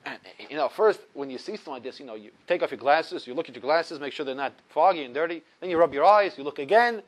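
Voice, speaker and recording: High-voiced man teaching an ethics lesson. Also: fast. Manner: animated storytelling, swings loud and soft. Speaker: Torah teacher. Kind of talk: ethics lesson with a told story.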